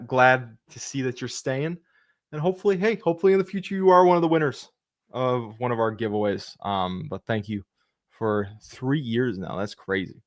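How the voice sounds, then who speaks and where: A young man hosting a casual live Q&A, reading viewer questions aloud, answering them quickly and thanking people by name. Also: mid-range voice, dry recording, studio quality. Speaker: fantasy football livestream host.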